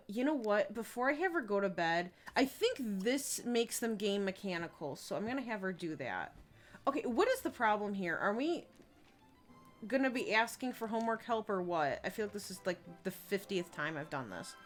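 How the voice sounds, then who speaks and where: Very animated at a moderate pace, a young woman with a medium-pitched voice streams a life-sim game over faint background music. She gives casual commentary, reads chat aloud, and fills her talk with fillers and giggles.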